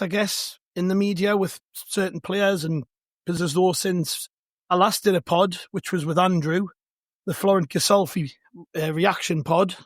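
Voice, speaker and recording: Hoarse high-voiced man. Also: no room sound, clean studio sound. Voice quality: raspy. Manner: chatty, self-mocking, loose and rambling. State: hoarse, worn out. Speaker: podcast host. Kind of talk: casual chat.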